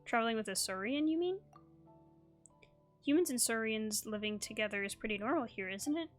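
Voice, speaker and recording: A chirpy, cheerful little companion, read by a woman with a lighter, upbeat delivery. The voice rises brightly on questions. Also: fairly high pitch, animated, a little fast, faint music behind, close to an everyday voice. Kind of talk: reading game dialogue aloud.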